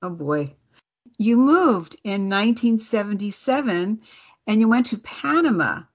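A woman hosting a radio interview show, asking her guest questions in a measured, friendly way. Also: medium pitch, lively intonation, highs cut off. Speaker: radio host.

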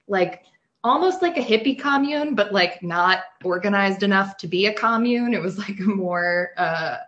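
Woman guest rambling a story, lots of likes and laughs, bright voice. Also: mid-range voice, lo-fi sound. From New York. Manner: chatty, lots of fillers, laughs into her lines. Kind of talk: casual anecdote telling.

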